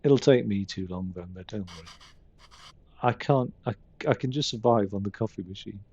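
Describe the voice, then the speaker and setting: A man with a gravelly voice reading the lines of a tired, apologetic young husband, in near his own voice. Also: normal speed, muffled recording. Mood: weary. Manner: reading dialogue plainly, quiet and low.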